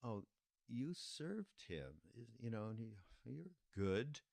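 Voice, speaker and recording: A man voicing a gentle, caring elderly male spiritual teacher who asks kindly, concerned questions. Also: medium pitch, big pitch swings, slow, vocal fry, no room sound, voice pushed up, heavily acted.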